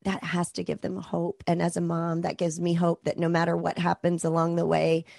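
Low, gravelly woman host. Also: completely flat delivery, moderate pace, mellow, no echo, clean studio sound. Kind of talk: faith podcast interview.

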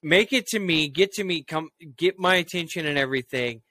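A man telling a story in casual conversation, swearing freely and acting out his own shouted reactions. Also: on the high side, brisk. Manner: animated, profane storytelling that acts out raised voices. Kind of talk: casual chat.

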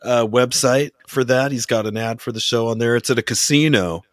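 A man's voice: mid-range voice, fairly even intonation, a little fast, dry recording, clean studio sound. A male podcast co-host in casual chat, joking and fond of twisting song lyrics. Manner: joking, likes changing song words.

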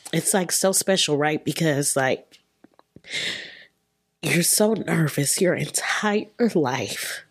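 A young woman from Texas, a podcast guest telling candid personal stories in casual chat, often laughing as she talks. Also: fairly low pitch. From Texas, US South. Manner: candid, animated, laughs through her stories.

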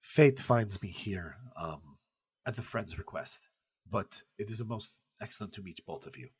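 A man voicing a courteous middle-aged male poet who speaks slowly, softly and formally. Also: fairly low pitch, animated, breathy edge. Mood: gracious. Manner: slow, soft-spoken and formal.

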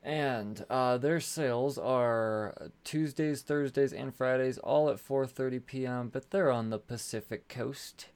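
A man's voice: medium pitch, a little slow, few pauses, a little mellow, clear, resonant tone. Podcast guy doing sponsor reads, rambly, cusses, keeps flubbing words. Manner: rambling, swears, stumbles over words. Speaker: podcast host. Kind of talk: casual solo podcast ad read.

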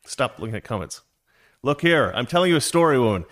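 A man's voice: medium pitch, sing-song, quick pace, a bit bright. A man telling a long personal story in a casual, rambling way, with frequent restarts and asides.

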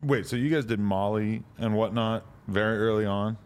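Low-voiced rambling male podcast host. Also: moderate pace, clean tone. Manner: rambling, swearing, laughs often. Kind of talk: casual interview chat.

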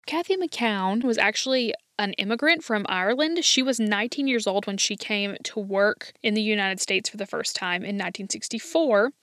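A woman hosting a podcast, telling a history story in a chatty, quick way, often saying "like" and "kinda". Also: mid-range voice, a bit bright, no room sound, studio quality. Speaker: podcast host. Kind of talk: casual podcast narration.

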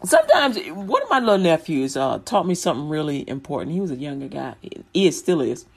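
A woman's voice: low-pitched, very animated, fast talker, vocal fry, breathy edge. A woman from Chicago in casual chat about faith, rambling and colloquial, breaking into frequent laughter.

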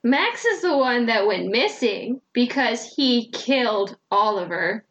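Retelling the book's plot on the podcast she co-hosts, this young woman speaks slowly in a slightly high voice, performing the characters' quotes and laughing along. The audio sounds dull.

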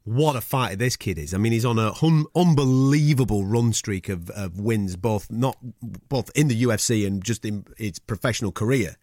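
A man co-hosting a sports podcast in a matey, lively way, swearing freely. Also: fairly low pitch, normal speed, few pauses, dry recording, clean studio sound. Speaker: podcast co-host. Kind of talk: casual sports chat.

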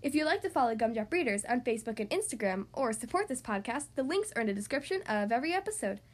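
A woman hosting a children's story podcast and reading a picture book aloud in an expressive storytelling voice. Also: a little high, quick pace.

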